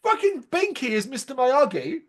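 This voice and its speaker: A man co-hosting a casual review podcast, talking in an animated, sarcastic way and swearing freely. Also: very high-pitched, normal speed. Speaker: podcast co-host.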